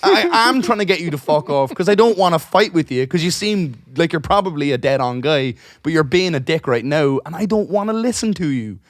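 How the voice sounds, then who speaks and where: A man's voice: on the high side, expressive, a little fast, hardly any pauses, dry recording, clean studio sound. A man, co-hosting a podcast, rambling through a long anecdote, swearing freely and acting out the other people's lines. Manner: rambling, swears a lot, acts out dialogue; restarts and trails off while telling stories. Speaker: podcast co-host. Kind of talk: casual chat, long anecdote.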